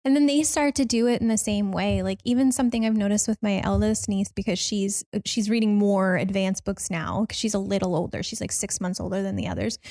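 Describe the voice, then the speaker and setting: A woman's voice: medium pitch, fairly even intonation, a little fast, hardly any pauses, mellow. A woman co-hosting a podcast, chatting casually and enthusiastically, with rambling sentences full of "like". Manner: enthusiastic, rambling, lots of fillers. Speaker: podcast producer and co-host. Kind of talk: casual chat.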